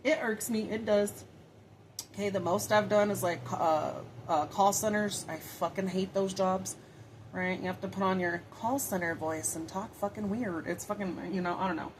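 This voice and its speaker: A woman's voice: mid-range voice, steady tone, normal speed, a little hiss or hum, low-quality recording. A young woman reading tarot casually, rambling and swearing freely with lots of fillers. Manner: chatty, profane, rambling with frequent fillers. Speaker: tarot reader.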